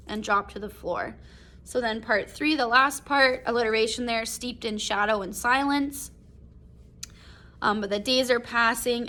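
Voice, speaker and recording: A woman's voice: fairly high pitch, fairly bright tone. A woman teacher reading a short story aloud and explaining it in a casual recorded lesson, with many fillers. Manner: reads passages aloud then explains them with fillers like "um", "like" and "right?". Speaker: English teacher.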